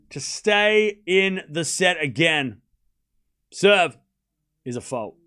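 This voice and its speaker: A man with a fairly high, bright and forceful voice hosts a live tennis watchalong. He calls each shot in quick bursts of play-by-play. Between points he chats casually with his viewers and swears offhand. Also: animated, clear, resonant tone. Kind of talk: casual live play-by-play commentary with chat asides.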